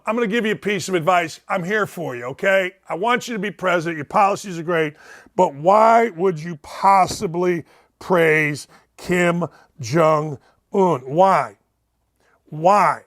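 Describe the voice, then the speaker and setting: Ranting sports talk host, man, high for a man, blunt and sarcastic. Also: a bit bright. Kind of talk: opinionated talk-show monologue.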